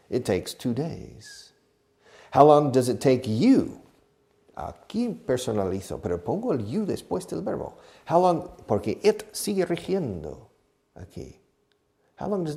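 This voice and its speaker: Male English teacher, low-ish mellow voice, animated, digressive classroom patter with Spanish asides. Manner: chatty, digressive, asks and answers his own questions. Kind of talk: filmed English lesson for Spanish speakers. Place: filming studio with a camera operator.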